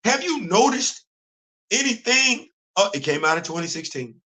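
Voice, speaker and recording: A man hosting a casual live-stream chat about comics and culture, animated and repeating phrases for emphasis. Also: high voice, moderate pace, poor audio.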